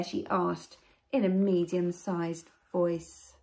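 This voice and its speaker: Nursery teacher, woman, storybook reading, expressive, coaxing, soft asides. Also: fairly low pitch, takes it slowly, gravelly. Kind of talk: storybook reading to young children.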